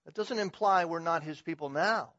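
A middle-aged man preaching a sermon in a fairly high voice, moving between loud, emphatic proclamation and quiet, personal asides. The sound is dry and a little muffled, with no room echo. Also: normal speed. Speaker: pastor.

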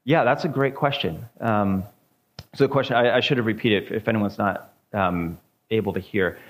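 A man, a pastor, leading an informal church teaching and discussion, talking haltingly with many ums and repeated words. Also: on the low side.

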